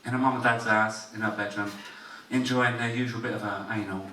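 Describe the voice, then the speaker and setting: A man's voice: lowish voice, steady tone, brisk, bright, forceful tone, far from the mic. A man doing a crude, swearing stand-up story set in a comedy club. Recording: roomy club audio, laughing crowd.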